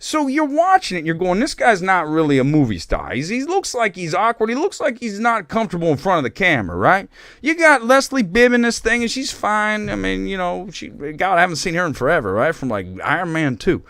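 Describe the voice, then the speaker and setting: A man's voice: sing-song, brisk, a bit bright, no echo, clean studio sound, full character voice. A man putting on a hammy mock Italian-American accent, voicing a brash Italian-American man. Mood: ranting. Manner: exaggerated, high-pitched and emphatic. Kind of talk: live stream movie commentary.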